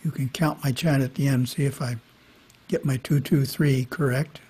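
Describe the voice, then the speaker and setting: A man giving a spiritual talk, reading scripture in a measured way with brief casual asides. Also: medium pitch, fairly even intonation, a little mellow, breathy edge. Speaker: monastery teacher. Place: monastery. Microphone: webinar microphone.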